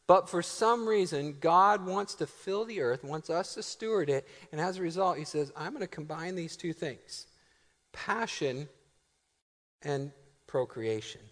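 Animated pastor in a reverberant hall. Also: male voice, fairly high pitch. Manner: animated, joking, laughs often, builds to emphatic slow phrases. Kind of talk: sermon. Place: church sanctuary.

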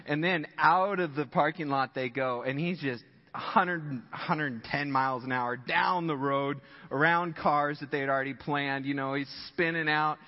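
A man preaching a sermon as pastor, telling a story in an animated way and laughing often, in a church sanctuary. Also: fairly high pitch, normal speed, long reverb tail, muffled recording.

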